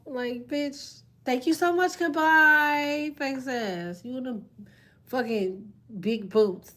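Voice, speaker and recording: A woman reading tarot who reacts to viewer comments in casual live-stream chat. She swears freely, jokes, and laughs often. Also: on the high side. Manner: profane, laughs often, jokey banter.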